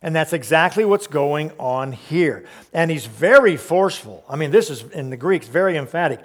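High-pitched emphatic male preacher. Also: expressive, moderate pace. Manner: emphatic preaching with rhetorical questions. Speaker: pastor. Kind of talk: sermon.

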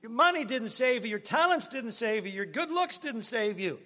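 High-voiced man preaching in a reverberant hall. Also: expressive, normal speed. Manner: dramatic swings from loud emphasis to hushed near-whisper. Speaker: pastor. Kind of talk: sermon.

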